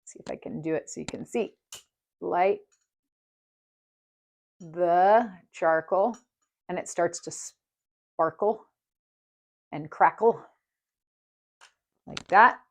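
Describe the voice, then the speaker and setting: A woman speaks at a slow, easy pace in a somewhat low voice, hosting her own podcast. She talks in a soft, earnest way, unhurried and sincere, as she walks through a ritual. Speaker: podcast host. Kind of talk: casual solo podcast demonstration.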